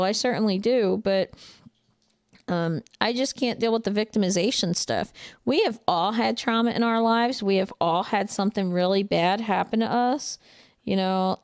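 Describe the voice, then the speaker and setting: A woman with a New Jersey accent talks bluntly on a casual livestream, reading viewer comments and answering them. Her voice has a gravelly fry to it, and it sounds close and dry with little room around it. She is outspoken and laughs often. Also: mid-range voice, darkish tone, no echo. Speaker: truck driver and trainer.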